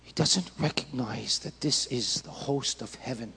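A man's voice: medium pitch, unhurried, gravelly, bright, forceful tone, husky, long reverb tail. A male pastor preaching a passionate sermon, acting out prayers and dialogue with rising intensity.

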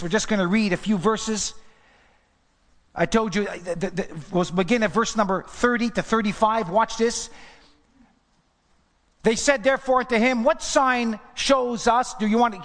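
A high-voiced man preaching to his congregation, driving his points home with rhetorical questions. His voice rings out with a long reverb through the church. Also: fairly bright tone. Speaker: pastor. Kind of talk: sermon.

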